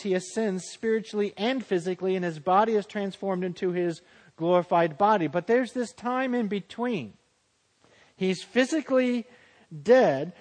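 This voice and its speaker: Preacher guy, highish voice, dramatic sermon, goes quiet and low for the humble bits, big echoey church. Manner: dramatic, drops to a hushed low voice for humble quotes. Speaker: pastor. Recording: long hall reverb.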